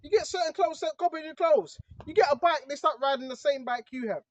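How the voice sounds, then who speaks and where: High, fast preacher, lo-fi. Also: no room sound. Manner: emphatic, repetitive, rhetorical check-ins. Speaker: online preacher. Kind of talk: informal preaching monologue. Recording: dull lo-fi recording.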